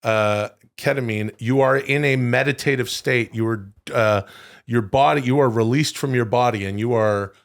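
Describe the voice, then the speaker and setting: A man's voice: mid-range voice, normal speed. A male co-host with a mid-range voice chatting on a comedy podcast. He rambles, swears freely and keeps things loose and joking, trailing off and restarting as he goes. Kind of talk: casual comedic chat.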